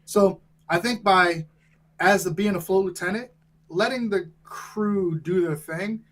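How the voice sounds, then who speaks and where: A man's voice: sits high, unhurried, a bit bright, low-quality recording. A man who trains firefighters, talking in a casual podcast interview in a direct, emphatic way, often checking in with "right?". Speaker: fire training instructor, guest.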